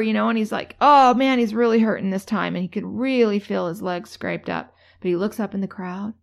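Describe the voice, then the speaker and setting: This motivational speaker has a medium-pitched, creaky voice. Her delivery is chatty and peppered with fillers and restarts, turning lively whenever she tells a story.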